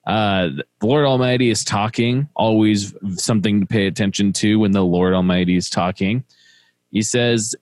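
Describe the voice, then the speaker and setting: A man's voice: on the low side, moderate pace, a little mellow, no room sound. A man with a Midwestern accent co-hosting a casual devotional, laughing easily and reading scripture steadily. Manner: easygoing, laughs often, reads scripture steadily. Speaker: devotional co-host.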